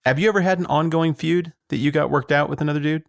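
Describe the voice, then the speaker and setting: A man co-hosting a podcast in casual chat, answering with teasing jokes and quick questions. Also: on the high side, vocal fry, dry recording, studio quality. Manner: joking, teasing quips. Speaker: podcast co-host.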